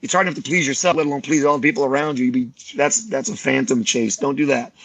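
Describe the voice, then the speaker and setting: A man's voice: medium pitch, fast talker, gravelly, no echo. A man on a podcast, talking casually and animatedly, acting out the people in his stories. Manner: animated storyteller, acts out quoted voices. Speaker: martial arts teacher guest.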